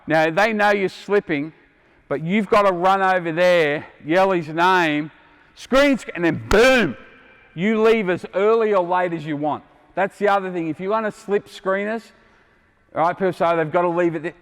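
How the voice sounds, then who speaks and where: A man's voice: high voice, normal speed, smooth. A middle-aged Australian man coaching players on court, quizzing them with blunt, joking asides. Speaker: basketball coach. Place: indoor basketball court. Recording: long hall reverb from a gym.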